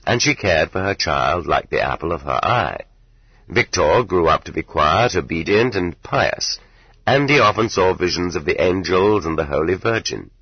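A man narrating an audiobook in measured, even storytelling. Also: low-pitched, breathy edge, dry recording, highs cut off. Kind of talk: scripted narration.

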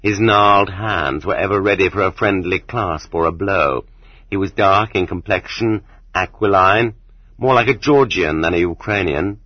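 A man narrating an audiobook in a steady, measured reading voice, recorded on dull cassette tape. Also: sits low, no room sound. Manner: steady, measured reading that rises sharply for quoted shouts. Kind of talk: scripted narration.

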